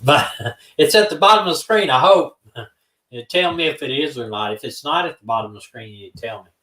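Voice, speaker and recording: A man's voice: on the high side, animated, fairly quick, bright, forceful tone, low-quality recording. An older man, hosting a live stream and signing off in a folksy, chuckling, rambling way. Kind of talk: casual live stream sign-off.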